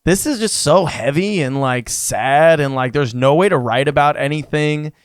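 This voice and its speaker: Rambling, laughing musician in a dry studio. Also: male voice, fairly high pitch, moderate pace, clear, resonant tone, dry recording. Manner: rambling storyteller, laughs often, acts out quotes. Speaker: singer-songwriter guest. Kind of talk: casual podcast chat. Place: studio lounge.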